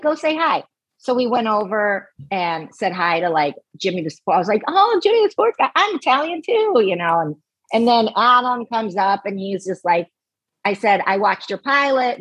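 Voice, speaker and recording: A woman guest telling a long, animated story and acting out the people she quotes. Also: mid-range voice, breathy edge, no echo, low-quality recording. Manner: animated, acts out quoted voices. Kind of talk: casual storytelling.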